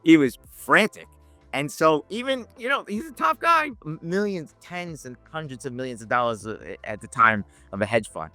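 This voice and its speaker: Animated bright-voiced man telling stories. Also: on the high side, moderate pace, dry recording, faint music behind. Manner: animated anecdotes with laughs and quoted voices. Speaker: podcast guest, options educator. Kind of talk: casual storytelling.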